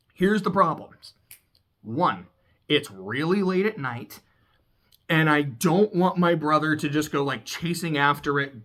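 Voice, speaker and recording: Blunt protective teen sister, hushed and earnest, voiced by a game recapper. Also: medium pitch, lightly acted.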